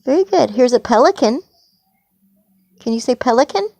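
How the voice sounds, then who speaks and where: A woman's voice: high-pitched, lively intonation, normal speed, a little mellow, no room sound. A woman patiently teaching a toddler animal names at home, with exaggerated encouraging praise.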